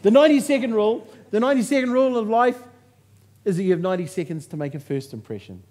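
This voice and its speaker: Speaking fast, a motivational speaker with a high-pitched, darkish voice and lively intonation addresses a live audience from the stage. He recounts his story in a humorous, punchy way, full of jokes.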